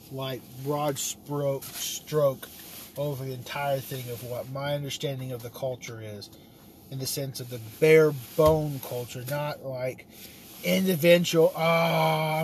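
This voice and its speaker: A man's voice: mid-range voice, slight background noise. A man talking in a casual, rambling vlog monologue, swearing freely and laughing at himself. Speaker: vlogger.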